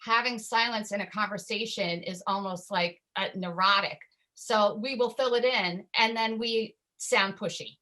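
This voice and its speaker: A woman's voice: medium pitch, moderate pace, sharp tone, rough recording. A woman filmmaker on a panel discussion, talking from home over a video call, chatty and prone to tangents. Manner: talkative, digressive.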